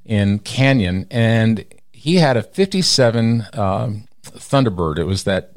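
Middle-aged texas guy, low-ish voice, animated storyteller doing the voices of people in his stories. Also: slow pace. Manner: animated storyteller who acts out quoted people with big pitch jumps. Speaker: radio personality, interview guest. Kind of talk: storytelling in an interview.

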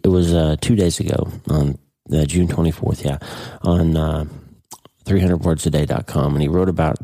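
A middle-aged man with a very deep, mellow voice hosts a podcast. He talks earnestly and off the cuff, with a husky edge to his tone. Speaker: podcast host. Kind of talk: casual podcast talk.

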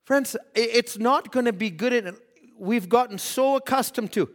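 High-voiced preacher in a reverberant hall. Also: male voice, normal speed. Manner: swings from loud exhortation to hushed, dramatized quotes. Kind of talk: sermon.

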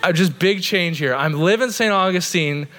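A pastor in his thirties from Oregon, USA, preaches a sermon in a church sanctuary, earnest and conversational and full of "like" fillers. His voice is high-pitched, pushed and bright, at a normal speed.

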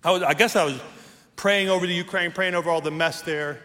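A man's voice: high-pitched, fairly even intonation, a little fast, pushed and bright, long reverb tail. A man preaching a sermon as pastor, telling a story and then leading prayer, from Texas. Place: church sanctuary.

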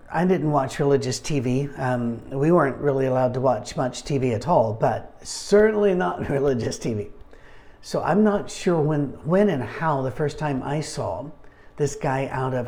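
A man leading a casual Bible study, talking conversationally with wry asides and frequent throat-clearing. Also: fairly high pitch, mellow.

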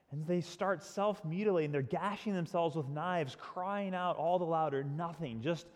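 A man preaching a sermon, retelling a story dramatically, swinging from loud to hushed. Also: fairly high pitch, normal speed, hardly any pauses. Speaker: pastor. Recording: long hall reverb.

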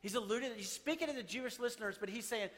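A man delivers a sermon with an unusually high voice. He is animated and conversational as he quotes and explains scripture, sometimes softening to a hush. Long reverb from a large hall trails every phrase. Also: quick pace. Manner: animated preaching, quoting scripture and paraphrasing with rising intensity. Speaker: pastor.

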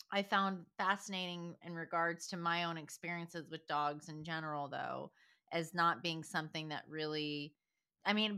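A woman's voice: fairly low pitch, sharp tone, clean tone. A woman co-hosting a podcast in casual chat, talking loosely and laughing often as she wanders between thoughts. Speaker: podcast co-host.

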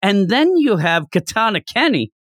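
A podcast co-host in a casual manga discussion, telling the story in an animated way and often acting out what the characters say. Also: mid-range voice, normal speed, no echo, clean studio sound.

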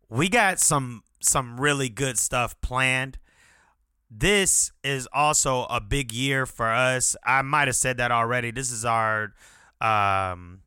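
A man's voice: mid-range voice, bright, forceful tone, smooth, no echo, clean studio sound. A man in his thirties hosting a solo podcast, telling a story in a casual, profane way that keeps flaring into irritation. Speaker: podcast host. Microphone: podcast mic without headphones.

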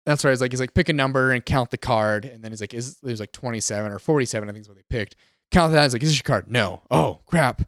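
A man, co-hosting a casual gaming podcast and retelling events in an animated way. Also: mid-range voice, rapid-fire, no room sound, clean studio sound. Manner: animated storyteller, acts out quotes. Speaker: podcast co-host.

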